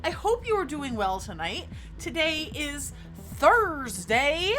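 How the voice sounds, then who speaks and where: A woman's voice: high voice, big pitch swings, slow, a bit bright, soft background music. A young woman chatting casually on her live stream, bubbly and self-mocking.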